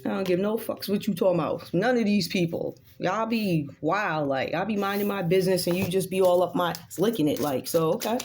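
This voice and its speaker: A woman's voice: fairly low pitch, a little fast, hardly any pauses, a little mellow, faint music behind. A woman giving a casual tarot reading that turns into a blunt, profane rant aimed straight at an unseen rival. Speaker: tarot reader.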